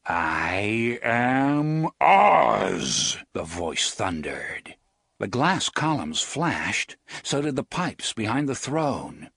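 A man narrating an audiobook in an expressive, theatrical reading. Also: on the low side, takes it slowly, breathy edge, dry recording, studio quality. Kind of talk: scripted narration.

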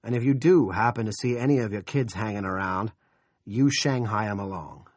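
A man's voice: on the low side, normal speed, dry recording, studio quality, close to an everyday voice. A man voicing a crude, menacing small-town bully who snarls out profane orders.

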